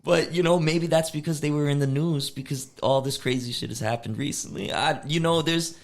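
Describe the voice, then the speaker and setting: A man's voice: on the high side, brisk. Male podcast co-host, casual storyteller who does the voices in his retellings. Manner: animated storytelling, acts out quoted chatbot lines. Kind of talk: casual chat.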